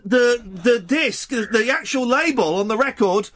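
A man's voice: very high voice, lively intonation, unhurried, a bit bright, dry recording. A man hosting a radio show who tells a rambling, playful comic story and slips into funny voices. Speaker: radio host. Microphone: studio microphone.

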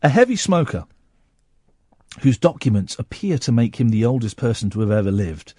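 A man's voice: mid-range voice, very animated, moderate pace, mellow, slightly rough, no room sound, studio quality. A man hosting a radio show, teasing and joking in casual banter, often stumbling and repeating words. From Slough, England. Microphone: studio mic.

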